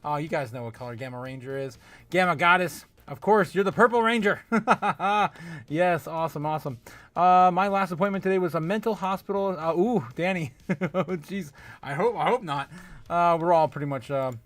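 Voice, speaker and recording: A man's voice: a little high, moderate pace, a bit bright. A man hosting a casual livestream, greeting viewers by name, laughing often and rambling with lots of fillers. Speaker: livestream host. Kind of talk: casual livestream chat reading viewer comments.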